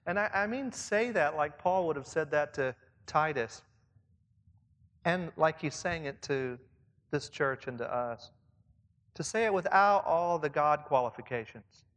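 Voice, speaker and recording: A man's voice: fairly high pitch, animated, unhurried, a bit bright. A man leading church leaders in a conversational sermon, reflective and asking his listeners questions. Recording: long reverb, as in a hall.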